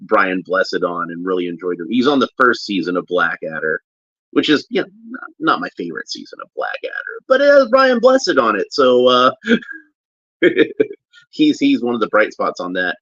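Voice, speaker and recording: A man giving casual, halting unboxing commentary as a toy reviewer, often restarting as he handles a figure. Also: lowish voice, big pitch swings, a bit bright, no echo. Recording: dull lo-fi recording.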